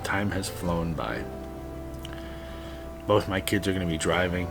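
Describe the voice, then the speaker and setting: A creaky, low, unhurried voice belongs to a father vlogger in his late thirties talking over music. Speaking from the heart, he gives other dads earnest advice in a personal monologue, sometimes blunt and profane.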